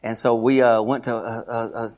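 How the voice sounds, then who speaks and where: A middle-aged man preaching a sermon as pastor, animated, folksy and repeating his phrases. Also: mid-range voice, moderate pace.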